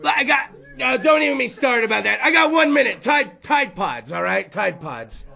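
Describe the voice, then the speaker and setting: A man's voice: very high-pitched, sing-song, moderate pace, creaky, bright, forceful tone. A man in his thirties hosting a show, ranting crudely and profanely to a small live room. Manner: crude, profane, rambling storyteller. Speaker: host. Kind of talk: stand-up style rant to a live room.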